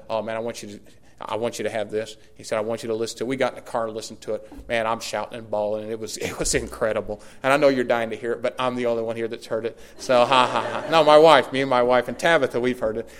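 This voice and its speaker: Animated pastor preaching. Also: male voice, medium pitch, fast talker. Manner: animated storytelling with emphatic repetition. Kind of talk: sermon.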